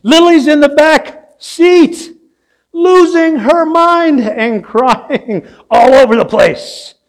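A man's voice: very high-pitched, slow pace. An older man preaching a sermon as pastor, telling a story and asking the congregation questions. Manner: storytelling, asks the audience questions. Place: church sanctuary.

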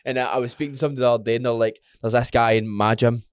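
Scottish man, young adult, sweary, animated, dry close mic. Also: medium pitch, very fast, clear, resonant tone, no room sound. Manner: sweary, animated, pumps himself up. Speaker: podcast co-host. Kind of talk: casual chat.

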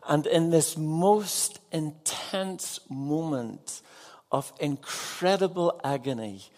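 A man's voice: fairly high pitch, animated, slow, darkish tone. A man preaching an evening sermon as a pastor, earnest and putting direct questions to his congregation.

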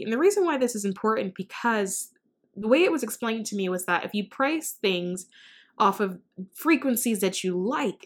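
A woman channeler talking casually to her viewers, chatty and animated as she acts out quoted dialogue. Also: medium pitch. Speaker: spiritual channeler. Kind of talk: casual storytelling to camera.

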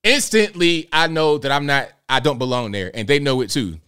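A man's voice: medium pitch, normal speed, bright, forceful tone, clean tone. Blunt, rambling male livestream host. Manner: rambling, blunt, riffing with rhetorical questions. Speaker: live show host. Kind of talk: casual livestream commentary.

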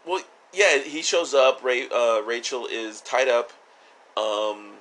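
This podcast co-host has a mid-range, fairly bright voice and speaks slowly. He chats casually about a TV episode, joking around, swearing, and laughing often as he reviews it.

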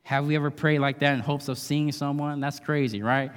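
A man's voice: fairly high pitch, flat delivery, fairly quick, smooth. A male guest preacher giving a conversational, emphatic sermon in a church, often adding tag questions. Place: church sanctuary. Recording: long hall reverb.

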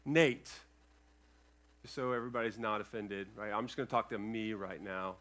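A male pastor preaching a sermon to his congregation, earnest and emphatic, with loud peaks and quiet asides, checking in with the room. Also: lowish voice, fairly even intonation, quick pace. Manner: addresses the congregation with checking questions. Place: church sanctuary, speaking over a sound system.

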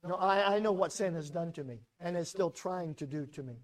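With a fairly high voice, a middle-aged pastor from America preaches a sermon. Repetition of words helps him build each point, while his delivery alternates between forceful emphasis and quiet restraint.

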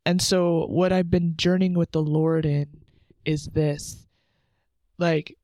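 Young woman host, gravelly edges and dry close sound, candid devotional chat. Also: low-pitched, little pitch movement, takes it slowly, warm tone, dry recording. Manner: candid, chatty, earnest with filler likes. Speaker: podcast host. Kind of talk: casual devotional talk. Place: sitting on the floor at home under a blanket.

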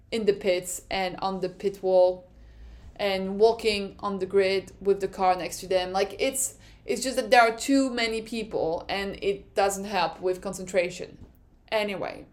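A woman from France with a French accent, hosting a podcast in a casual, excitable explainer style that often breaks into laughter. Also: medium pitch. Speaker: podcast host.

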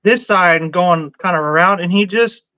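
A man's voice: sits high, moderate pace, sharp tone, no room sound, dull audio. A male podcast guest chatting loosely, full of fillers and laughs, swearing freely. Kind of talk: casual podcast banter.

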